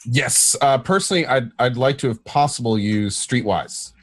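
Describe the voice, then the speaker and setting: A man playing a tabletop role-playing game. He is tentative and polite, carefully asking what his character is allowed to try. His voice has an ordinary, middling pitch. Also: normal speed, a little hiss or hum. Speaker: player. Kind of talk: tabletop game play, casual chat.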